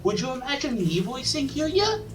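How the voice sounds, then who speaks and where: A woman's voice: sits high, sing-song, normal speed. A woman co-hosting a let's play who talks in a dry, wry way and reads the game's text aloud. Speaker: let's play co-host and narrator. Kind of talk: casual gaming chat and reading game text. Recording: distant mic with background noise.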